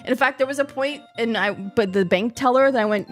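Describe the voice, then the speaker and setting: A young woman from New Zealand talks casually to her stream audience with a slightly high-pitched voice. She tells stories in an animated, slangy way and laughs often. Soft music plays faintly in the background. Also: quick pace, hardly any pauses. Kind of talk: casual chat.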